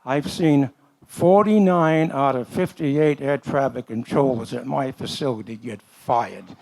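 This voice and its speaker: A man's voice: medium pitch, measured pace, gravelly, darkish tone. An older man, a retired worker, making a plain-spoken, folksy comment from the audience at a forum. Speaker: audience member.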